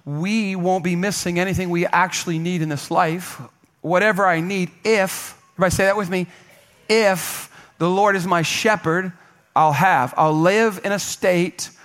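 Male pastor, high-pitched, emphatic sermon delivery, call-and-response with the congregation. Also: a bit bright. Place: church sanctuary.

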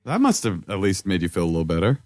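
Deep lively joking man, dry mic. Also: quick pace, no echo. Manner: deadpan teasing, riffing jokes. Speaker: podcast guest, comedian. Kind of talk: casual chat, joking banter.

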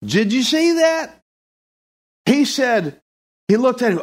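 A man preaching a sermon in an animated way, acting out the voices of the people he quotes. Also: very high voice, takes it slowly.

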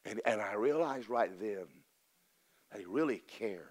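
Speaking a little slowly in a fairly low, lively voice, this older man drawls his way through a homespun pulpit sermon. His storytelling is plain and folksy, moving between loud, ringing points and hushed, almost whispered remarks.

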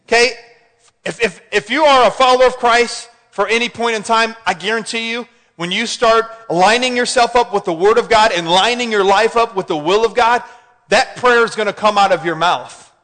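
A man preaching a sermon in an animated way, often asking the congregation questions. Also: high-pitched, normal speed. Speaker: pastor. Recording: hall reverb.

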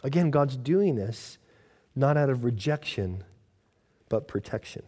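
A man preaching a sermon in a conversational, storytelling way, acting out the characters with lively quotes. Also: mid-range voice, measured pace, breathy edge.

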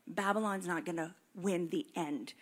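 A woman preaching a sermon, animated and conversational, acting out prayers and questions to God. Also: fairly low pitch, moderate pace. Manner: animated, acts out prayers and voices in quotes.

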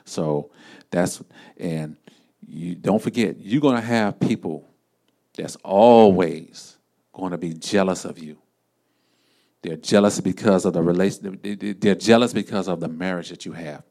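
A man preaching an encouraging sermon in a relaxed, conversational way, repeating himself and using many fillers. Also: deep voice, a little slow, creaky.

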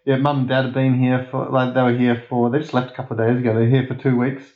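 A man's voice: medium pitch, completely flat delivery, fast talker. An Australian man from Perth chatting as a guest, rambling and laughing often at himself. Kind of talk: casual chat. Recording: echoey, dull lo-fi sound.

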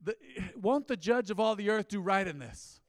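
A man's voice: high-pitched, animated, normal speed, dry recording, studio quality, in a large hall. A male pastor preaching a sermon, reading scripture aloud and drawing call-and-response from the congregation.

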